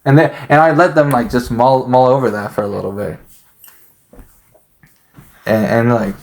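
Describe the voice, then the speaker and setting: A man's voice: medium pitch, fairly even intonation, moderate pace, darkish tone. A man talking in a rambling, hesitant monologue, full of fillers and restarts. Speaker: podcast host.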